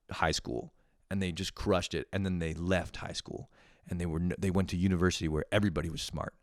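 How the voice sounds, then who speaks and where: A man's voice: sits low, no echo, studio quality. A young man from Canada talking in a casual, rambling, profane monologue to his audience. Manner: profane, rambling, animated when telling stories. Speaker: vlogger.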